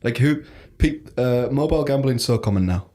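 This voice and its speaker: A young man, co-hosting a podcast in casual chat, joking and quick in the back-and-forth. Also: mid-range voice, lively intonation, warm tone. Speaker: podcast co-host.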